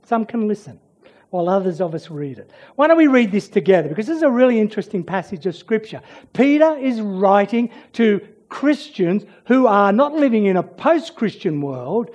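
A preacher giving a sermon, swinging between loud urging and hushed near-whispers. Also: medium pitch, big pitch swings, normal speed.

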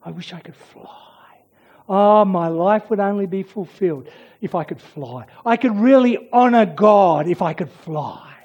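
A preacher voicing a wistful dog that longs to fly, in a quiet, lower murmur. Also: expressive, unhurried, slightly rough, highs cut off.

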